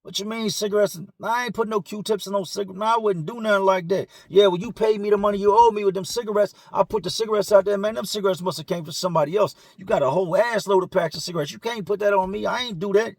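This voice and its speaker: A man's voice: high-pitched, fairly even intonation, quick pace, gravelly, few pauses, darkish tone, no echo, voice pushed up. A man voicing a defensive male inmate who insists he did nothing wrong, protesting and pleading. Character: defensive male inmate hustler denying a scam.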